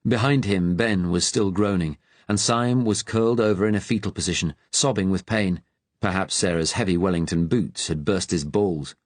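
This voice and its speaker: Low-voiced male audiobook narrator. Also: dry recording. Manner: steady, measured storytelling. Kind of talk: scripted narration of a thriller.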